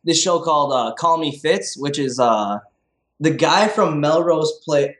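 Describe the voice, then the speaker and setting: A man's voice: on the high side, animated, a little slow. Easygoing guest man in a roomy echo. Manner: rambling, easygoing, swears, many fillers. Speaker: podcast guest. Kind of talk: casual podcast chat. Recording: roomy echoey sound.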